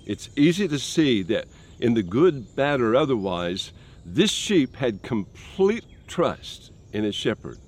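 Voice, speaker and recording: A man preaching a sermon in a slow, earnest way, dropping soft and low and then rising for emphasis. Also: very animated.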